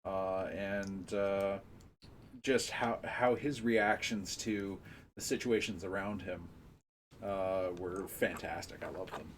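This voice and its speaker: A man co-hosting a live stream, chatting casually in a halting, easygoing way full of ums. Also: low voice, steady tone, noisy background. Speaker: stream co-host.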